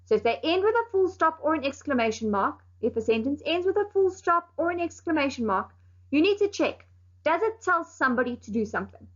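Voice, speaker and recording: High-voiced teacher, slow clear explaining. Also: female voice, big pitch swings, a bit bright. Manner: clear, explaining slowly with firm emphasis. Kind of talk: recorded online lesson. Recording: dull lo-fi sound.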